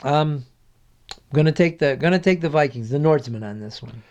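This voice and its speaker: A man as a guest sports analyst in a casual picks chat, measured and hesitant, with many restarts. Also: on the high side, expressive, a little mellow, lo-fi sound.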